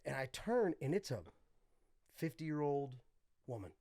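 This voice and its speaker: A young man on a podcast, telling a wild story with lots of laughter and quick voices for the people in it. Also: fairly high pitch, expressive, warm tone, slight background noise. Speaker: podcast guest. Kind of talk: casual storytelling.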